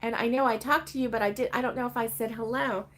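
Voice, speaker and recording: An older woman chats casually with live viewers, telling stories full of fillers and small laughs. Her voice sits a little high. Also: steady tone, fast. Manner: chatty storyteller, rambling with fillers and laughs. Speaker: crochet livestream host.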